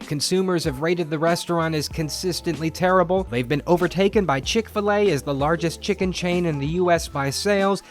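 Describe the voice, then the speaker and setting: A man in his late twenties delivers a scripted commentary, sarcastic and emphatic, dropping slang as he goes. His voice sits high for a man. Faint music plays under him.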